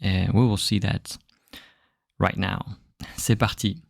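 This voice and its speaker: A French-accented man teaches on his podcast in a slow, gravelly, fairly low voice. He explains patiently and stretches out the letters as he spells. The sound is dry and close. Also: level tone, no room sound. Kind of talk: relaxed podcast lesson.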